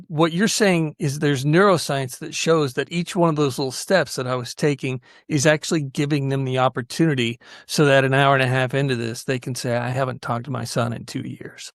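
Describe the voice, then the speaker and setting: A man's voice: medium pitch, fairly even intonation, a little fast, hardly any pauses, no echo, clean studio sound. A man hosting a podcast, telling stories earnestly and with animation, often restarting his sentences. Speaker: podcast host. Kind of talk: conversational storytelling.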